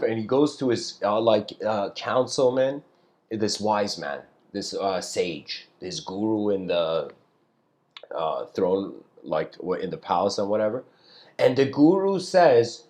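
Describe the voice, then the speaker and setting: A man giving a casual spiritual lecture, telling a story in a loose, rambling way and often clearing his throat. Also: on the low side, expressive, normal speed, darkish tone.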